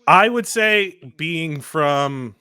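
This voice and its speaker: Midwestern male player, deadpan jokester; bright, animated voice. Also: fairly high pitch, extremely slow, clear, resonant tone, dry recording. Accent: Midwestern American. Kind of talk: casual chat at a game table.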